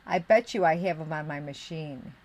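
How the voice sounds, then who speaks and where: Middle-aged woman streamer, Western New York accent with Midwest hints, lowish voice, rambling chatty delivery, talking to chat at her desk. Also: normal speed, a little mellow. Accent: Western New York with Midwestern touches. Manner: rambling, talks to chat, muttering while searching. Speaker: live streamer. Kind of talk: casual live-stream chat while crafting.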